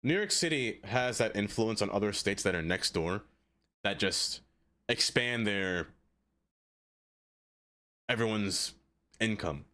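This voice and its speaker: Man, lowish voice, casual live-stream chat, rambling, talks to viewers by name, lots of "like". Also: lively intonation, takes it slowly, long pauses, bright, forceful tone. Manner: rambling, chatty, answers viewers by name, many "like" fillers. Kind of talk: casual live-stream chat while playing a city-building game.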